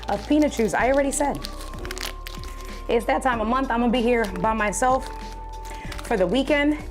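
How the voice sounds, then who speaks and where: A woman live streaming, chatting casually to her viewers and reading their comments. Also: medium pitch. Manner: chatty, talks straight to viewers and reads chat. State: out of breath.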